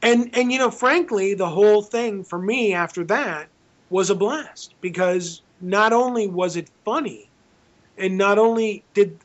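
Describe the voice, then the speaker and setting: Man spinning a lively anecdote, dull audio. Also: high voice. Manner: lively storyteller who acts out both sides of dialogues, with frequent restarts. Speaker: film director, podcast guest. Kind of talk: storytelling anecdote in an interview. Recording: dull lo-fi sound.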